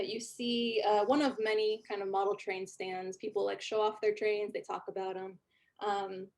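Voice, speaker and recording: A woman running a tabletop game, describing scenes in a relaxed, chatty way full of little fillers. Her voice sits at a middle pitch for a woman. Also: vocal fry. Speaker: game master.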